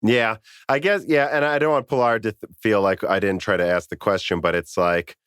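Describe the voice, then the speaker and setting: A man's voice: on the low side, steady tone, fairly bright tone, clear, resonant tone, dry recording, clean studio sound. A man hosting a podcast interview, reading listener questions aloud and chatting casually. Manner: reads listener questions, quick asides. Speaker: podcast host.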